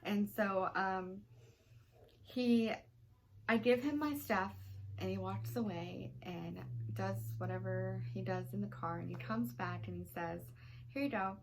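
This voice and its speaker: A woman's voice: medium pitch, steady tone, measured pace, vocal fry, slight background noise. A young woman vlogger telling a personal story in a rambling, emotional way, full of "you know" fillers. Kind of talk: storytime vlog.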